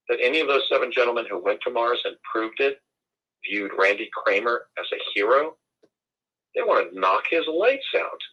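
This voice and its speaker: A man's voice: fairly low pitch, breathy edge, highs cut off. A man from the United States, speaking as an interview guest in an emphatic, formal and indignant way. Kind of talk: conversational interview.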